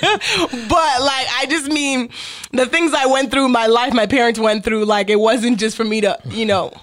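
A woman's voice: on the high side, a little slow, fairly bright tone. A young woman from Africa talking in a casual interview, blunt and laughing often. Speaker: guest.

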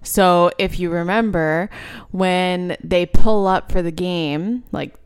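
A woman's voice: on the low side, slow pace, smooth. A woman co-hosting a podcast in casual chat, recapping scenes and laughing easily. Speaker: podcast co-host.

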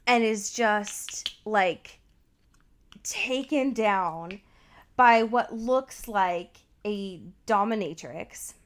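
A woman's voice: medium pitch, drawn-out words. A woman in casual chat, retelling a show's scenes with lots of swearing and filler words. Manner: animated storytelling with frequent swearing and "like" fillers. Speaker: podcast co-host recapping a TV show.

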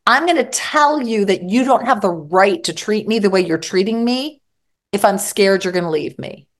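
A woman's voice: mid-range voice, animated, normal speed. Lady therapist giving straight advice, acts out the self-talk bits. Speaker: psychologist guest. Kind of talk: advice in an interview.

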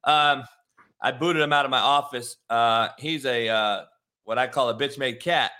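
A man hosting a casual sports talk show over a remote call, loud and excitable, swearing freely as he rants. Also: medium pitch, unhurried. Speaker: podcast host. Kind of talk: casual profane sports chat.

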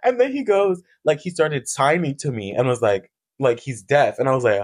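A man's voice: mid-range voice, animated, moderate pace, a little mellow, breathy edge. Young man telling party stories. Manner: storytelling, profane, laughs often. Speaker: podcast co-host. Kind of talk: casual chat.

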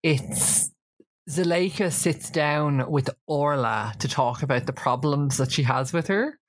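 Woman podcast co-host, chatty recap, animated quotes, dry sound. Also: deep voice, measured pace, no room sound. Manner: animated, acts out quotes in raised voices. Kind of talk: casual chat recapping a reality show.

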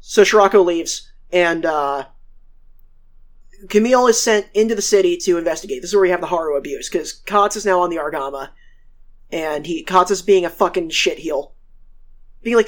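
A woman's voice: lowish voice, normal speed. A woman co-hosting a podcast and recapping episodes in a rambling, profane, casual way. She acts out the characters she quotes. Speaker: podcast co-host.

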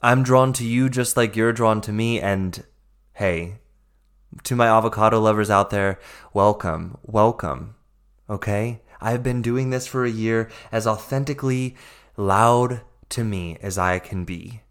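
A man's voice: lowish voice, unhurried, smooth. Male life coach hosting a podcast, emphatic, repetitive, encouraging. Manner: emphatic, repetitive, encouraging, addresses listeners as friends. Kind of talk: motivational podcast monologue.

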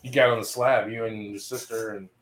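A man's voice: medium pitch, steady tone, a little fast. A man co-hosting a paranormal podcast, chatting casually and filling in and correcting details of the night. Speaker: paranormal investigation podcast co-host. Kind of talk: casual recap chat.

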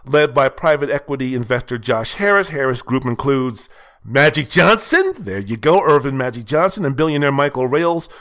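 A man's voice: medium pitch, expressive, normal speed, fairly bright tone. A man hosting his own sports talk show, giving emphatic, colloquial commentary that is full of repetition. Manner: emphatic, repetitive, colloquial, sings snatches playfully.

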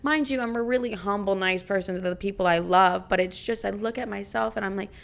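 Young woman podcaster, brash and foul-mouthed, fry-heavy voice at a middle pitch. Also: fairly quick. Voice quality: creaky. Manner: brash, profane, dramatic. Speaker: podcast host. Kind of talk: casual podcast monologue.

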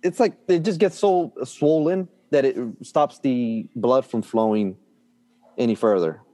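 A man's voice: mid-range voice, unhurried, warm tone. A middle-aged man telling a story in a casual chat, full of fillers and restarts, often laughing. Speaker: guest.

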